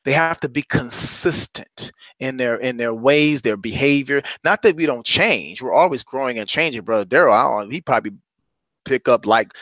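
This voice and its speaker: A man's voice: medium pitch, moderate pace, a bit bright, no echo. A man, hosting a motivational talk as a courage coach, calling listeners brothers and sisters and repeating phrases for emphasis.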